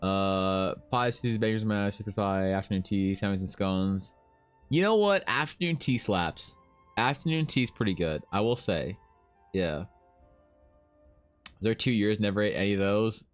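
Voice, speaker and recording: A man's voice: lowish voice, measured pace, smooth, faint music behind. A man from Ukraine chatting casually on a livestream, riffing with mock outrage and plenty of swearing as he reads. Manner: animated, profane, mock-outraged riffing while reading. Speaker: streamer.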